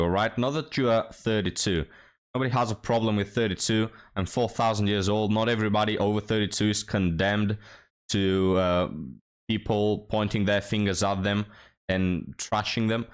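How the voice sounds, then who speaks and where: Low-voiced sarcastic male reaction host. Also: normal speed, clear, resonant tone. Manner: sarcastic, mocking. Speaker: commentary channel host. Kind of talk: reaction commentary.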